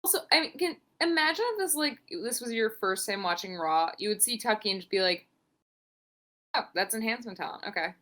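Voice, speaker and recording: Speaking a little fast with hardly any pauses, a young woman co-hosting a podcast runs through a wrestling recap in lively, casual conversation. Her voice is on the high side, and she swears freely and acts out quotes.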